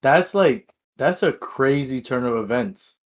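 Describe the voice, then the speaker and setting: A man's voice: medium pitch, animated, measured pace. A young man co-hosting a podcast in casual chat, reacting and egging on the storyteller. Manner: reactive, laughing along, egging on. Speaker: podcast co-host.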